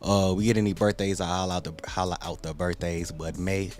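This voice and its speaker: A man's voice: deep voice, fairly even intonation, a little fast, darkish tone. A man hosting a casual livestream, greeting viewers by name in laid-back slangy talk. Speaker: livestream host.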